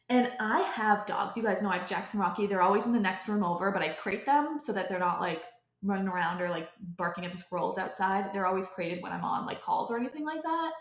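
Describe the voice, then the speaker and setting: A young woman hosting a podcast, telling a personal story off the cuff in a rambling way, full of filler "likes" and restarts. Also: mid-range voice. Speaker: podcast host. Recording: echoey room.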